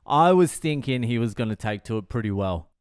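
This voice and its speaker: A comedian hosting his own podcast, telling a story in a profane, wry, deadpan way with lots of swearing. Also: medium pitch, a little fast, clean tone, no echo, studio quality. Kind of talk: comic storytelling monologue.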